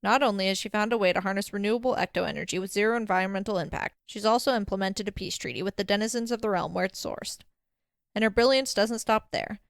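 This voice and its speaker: A woman's voice: medium pitch, quick pace, creaky, no echo, close to an everyday voice. A woman voicing an enthusiastic, showy awards ceremony announcer. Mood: grand.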